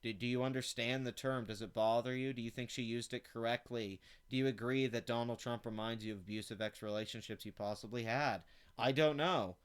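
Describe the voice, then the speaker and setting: A channel host with a medium-pitched, clean voice speaks a little fast, keeping his intonation fairly even. He reacts to an article he reads aloud with an angry commentary rant, heavy on swearing, sarcasm, and contempt.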